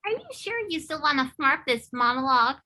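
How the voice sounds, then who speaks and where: A woman's voice: high voice, very animated, fairly quick, pushed and bright, heavily acted. A woman doing sassy Smurfetta, a teasing co-host. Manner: dry teasing put-downs. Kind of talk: comedy sketch acting.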